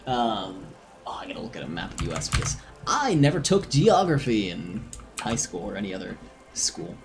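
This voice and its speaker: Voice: low-pitched, big pitch swings, normal speed, music in the background. A streamer chatting casually with viewers during a live game stream, in a giggly, self-deprecating way, with a voice that is starting to tire. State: voice strained and tiring.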